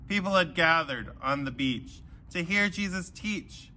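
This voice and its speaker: A man giving a children's sermon, telling a Bible story with animated voices for the characters. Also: fairly high pitch, a little slow, slight background noise. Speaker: pastor.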